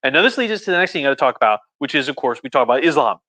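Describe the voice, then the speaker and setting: A man's voice: mid-range voice, very animated, very fast, pushed and bright. A tipsy man giving a casual, rambling history talk, full of jokes and acted-out asides. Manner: rambling, jokey, acts out voices with "like". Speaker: history lecturer.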